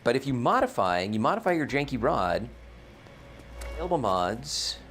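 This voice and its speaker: A man's voice: medium pitch, very animated, normal speed, fairly bright tone, a little hiss or hum. A man hosting a casual gameplay livestream, rambling and thinking aloud, often correcting himself mid-sentence. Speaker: streamer, game host.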